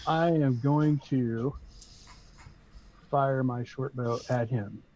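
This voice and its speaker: A man's voice: mid-range voice, slow, warm tone, muffled recording, a little hiss or hum. A man playing in a tabletop game over voice chat, hesitant and fumbling with the game controls. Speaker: player. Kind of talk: casual tabletop play.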